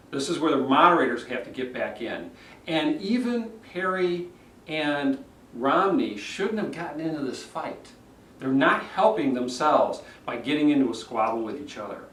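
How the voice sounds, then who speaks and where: A man's voice: mid-range voice, moderate pace, a little hiss or hum. A man working as a public speaking coach, critiquing speeches on video and acting out the delivery habits he describes. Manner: animated, demonstrates delivery himself. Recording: roomy echo, mic at a distance.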